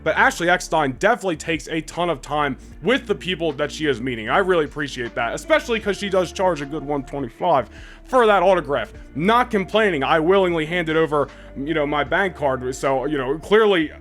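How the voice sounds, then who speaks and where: Fast-talking excited young man vlogging. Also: a little high, faint music behind. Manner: rambling and excitable, full of restarts and "like". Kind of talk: casual storytelling to camera.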